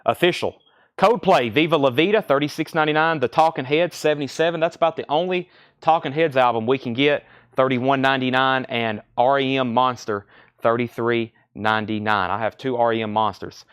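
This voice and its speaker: In a record shop, a man runs a live-stream sale, rattling off titles and prices in brisk, casual, auctioneer-style patter. His voice is smooth, clear, fairly bright, and middle-pitched for a man, recorded dry and close with little room echo.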